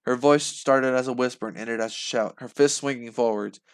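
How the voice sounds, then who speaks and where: A man reading a novel aloud live for the first time, expressive, with slips and restarts. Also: medium pitch, moderate pace, clean tone. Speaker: channel host reading aloud.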